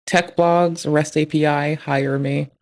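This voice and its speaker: A man's voice: fairly high pitch, flat delivery, slow pace, dry recording. A man on a live stream reading through malware code, ranting with sarcastic, profane commentary.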